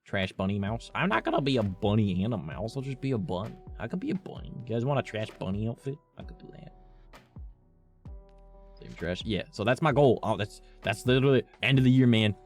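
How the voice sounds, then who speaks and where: A man's voice: lowish voice, lively intonation, fast talker, hardly any pauses, faint music behind. A man streaming and chatting casually with his viewers, rambling and cursing often, with lots of "like" in his talk. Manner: rambling, swears often, heavy use of "like". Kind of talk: casual chat with a live stream audience.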